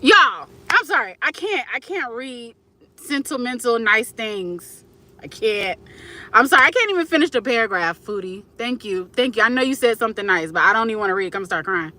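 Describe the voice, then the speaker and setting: Bright-voiced young woman chatting live. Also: fairly high pitch, animated, fairly quick. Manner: candid, emotional, chatty with viewers. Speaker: livestream host. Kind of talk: casual livestream chat.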